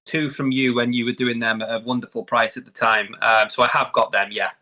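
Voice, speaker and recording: A man's voice: mid-range voice, steady tone, fairly quick, bright, forceful tone. A man hosting a live stream, chatting casually and effusively, often repeating words as he talks. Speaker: host. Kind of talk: casual livestream chat.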